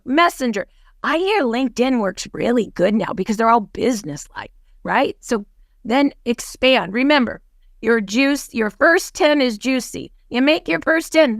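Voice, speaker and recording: Bright-voiced woman coaching on a video call. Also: on the high side, no room sound, clean studio sound. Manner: lively storyteller who acts out dialogue. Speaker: guest speaker, team leader. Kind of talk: webinar coaching talk. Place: home office on a video call. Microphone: video call microphone.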